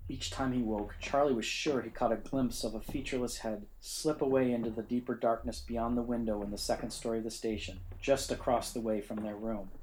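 A man reading a ghost story in measured, suspenseful narration. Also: mid-range voice, little pitch movement, darkish tone, slight background noise, low-quality recording. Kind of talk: scripted narration.

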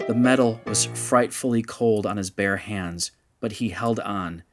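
A man narrating a story in a measured, steady audiobook style. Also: on the low side, music in the background.

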